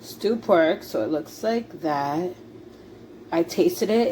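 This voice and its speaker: A woman's voice: fairly low pitch, slow, long pauses, dark tone, a little hiss or hum. A young woman vlogging at home while cooking, chatty and laughing, swearing casually. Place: home kitchen.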